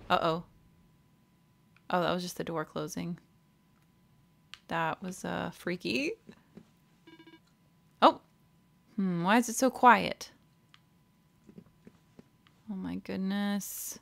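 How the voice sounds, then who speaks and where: A woman's voice: mid-range voice, slow, vocal fry, pauses often. A woman with an Australian accent commentating a video game, reacting emotionally with frequent exclamations and reading the on-screen text aloud. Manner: emotional, exclaiming, laughs often. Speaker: let's play host. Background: game music.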